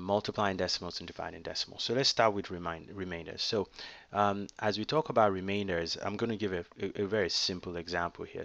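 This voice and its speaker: A man's voice: low-pitched, a bit bright, no room sound. A man teaching math step by step in a test prep tutorial, patient and explanatory, with frequent fillers.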